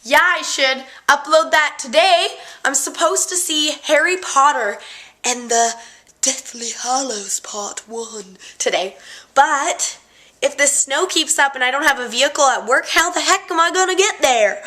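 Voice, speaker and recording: A woman's voice: sits high, a little slow, pushed and bright. A young woman from Canada with a girlish voice, chatting casually to the camera at home, easily distracted and giggly. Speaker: vlogger. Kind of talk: casual chat.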